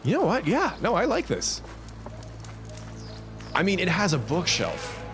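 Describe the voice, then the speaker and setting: This man has a high voice and speaks a little slowly over music during a live-streamed game. Rambling and lively, he talks casually to his chat and to himself.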